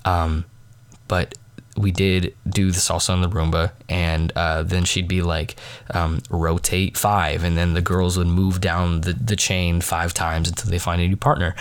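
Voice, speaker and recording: A young man tells a late-night podcast story in a loose, rambling way. His voice sits low and he fills it with constant fillers. He pokes fun at himself and sounds a little sniffly. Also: level tone, normal speed, smooth. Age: young adult. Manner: rambling, full of "like" fillers, self-mocking. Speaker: podcast host.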